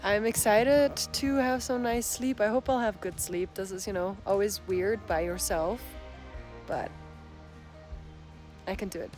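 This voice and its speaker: A woman's voice: mid-range voice, a little slow, pauses often, darkish tone, faint music behind. Chatty woman vlogging from a mountain trail. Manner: chatty and reflective, musing aloud. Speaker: solo thru-hiker vlogger. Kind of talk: casual vlog to camera.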